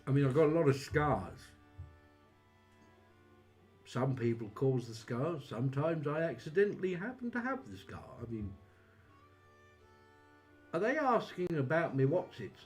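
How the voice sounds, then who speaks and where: Man, livestream witch host, lively wry banter over faint music. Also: on the high side, measured pace, long pauses. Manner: chatty, wry, self-deprecating banter. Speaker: psychic witch streamer. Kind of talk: casual livestream chat.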